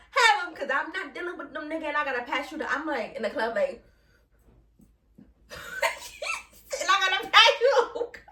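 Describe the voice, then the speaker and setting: A bright, high-voiced young woman with a New York accent chats bluntly and sassily on her podcast, her voice jumping up when she gets worked up. She sits a little back from the mic, so the room rings around her. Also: far from the mic. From Brooklyn, New York. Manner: blunt, sassy, laughs often, swoops up when excited. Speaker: podcast host. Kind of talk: casual solo podcast chat. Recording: roomy sound, a bit off the mic.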